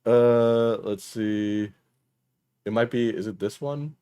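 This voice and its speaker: A young man chatting casually on a stream while he reacts to clips, loose and profane and quick to laugh. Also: on the low side, warm tone, clear, resonant tone, no room sound, clean studio sound.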